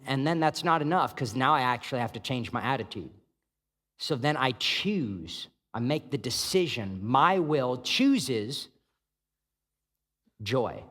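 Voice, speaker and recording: A man's voice: medium pitch, a bit bright. A man preaching a sermon as pastor, in a casual, conversational way, often asking "right?" and acting out the thoughts of his listeners. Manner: conversational preaching, many rhetorical "right?" checks, acts out inner thoughts. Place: church hall. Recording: long hall reverb.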